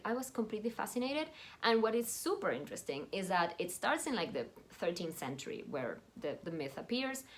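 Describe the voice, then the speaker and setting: A woman chatting enthusiastically as a book vlogger, reviewing her recent reads with fillers and asides. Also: mid-range voice. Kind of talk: casual book review chat.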